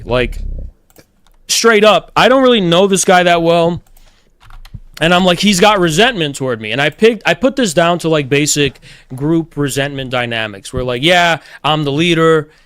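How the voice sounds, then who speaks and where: A man's voice: on the high side, a bit bright, smooth, no echo. A man streaming, telling a long story in a blunt, profane manner and quoting others mockingly. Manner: blunt, swears a lot, quotes others mockingly. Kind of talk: casual storytelling.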